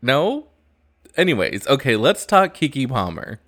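A man's voice: medium pitch, big pitch swings, a little slow, a bit bright. A young man hosting a casual pop-culture gossip podcast, chatty, campy and sassy, recorded on a new podcast mic. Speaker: podcast host.

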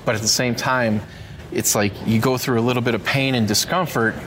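A man who is a guest on a podcast, answering casually in a sincere, halting way with stammered starts. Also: medium pitch, steady tone, a bit bright, a little hiss or hum. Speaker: financial coach, guest.

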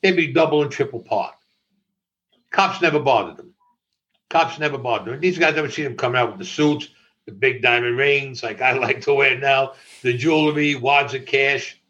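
An older man recounts old stories in conversation, breaking into laughter and cursing freely. His voice sits at a mid pitch. The recording is dull and lo-fi. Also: moderate pace. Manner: animated, laughing, swearing freely. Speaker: interviewee. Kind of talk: storytelling in conversation.

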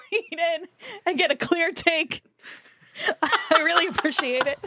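A woman's voice: very high-pitched, slow, bright, forceful tone, slight background noise. A woman co-hosting a podcast, giggly and teasing in casual banter. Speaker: podcast co-host. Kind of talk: casual chat.

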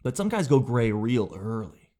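A young adult man, a comedian hosting a podcast, riffing casually and rambling, often slipping into quick exaggerated impressions. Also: medium pitch, sing-song, dark tone.

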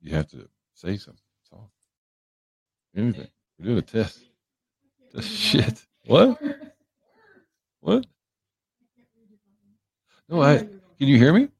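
A man's voice: mid-range voice, huge pitch swings, slow pace, gravelly, pauses often, darkish tone, slightly rough, no echo. A man hosting a livestream, chatting casually and joking as he greets viewers by name. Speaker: livestream host. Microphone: headphones on a livestream setup.

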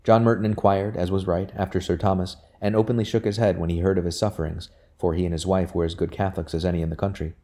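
A man narrating a novel chapter as an audiobook in a measured, steady way. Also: low voice.

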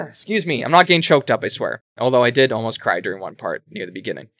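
Bright-voiced man rambling excitedly. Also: mid-range voice, fast, no echo, clean studio sound. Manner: rambling, animated retelling with self-corrections and swearing. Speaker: podcast co-host explaining a game. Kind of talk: casual chat.

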